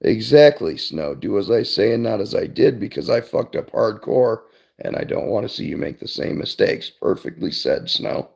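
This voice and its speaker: Gravelly man rambling through stories. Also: fairly low pitch, big pitch swings, moderate pace, a little mellow. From Cleveland area, Ohio, USA. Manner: rambling storytelling, swears freely, says "I'm like" often. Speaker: streamer. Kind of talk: casual chat to viewers.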